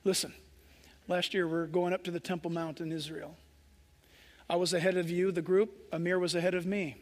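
A man's voice: high-pitched, little pitch movement, fairly quick. A man preaching a sermon with passion, acting out the voices of people in his story. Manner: impassioned preaching, acts out quoted voices. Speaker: pastor. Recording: echoey hall reverb.

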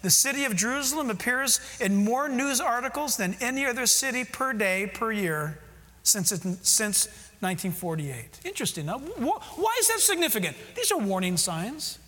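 A man preaches a sermon in a very high, bright, forceful voice. He talks emphatically and puts direct questions to his listeners. The sound carries a long hall reverb. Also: very animated, normal speed. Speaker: pastor.

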